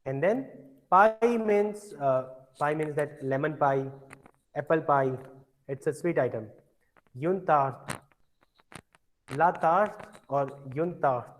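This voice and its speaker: Male teacher, slow and patient, repeats words for the class; a lightly raised voice. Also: on the high side, a little hiss or hum, poor audio. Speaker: French teacher. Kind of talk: classroom language lesson.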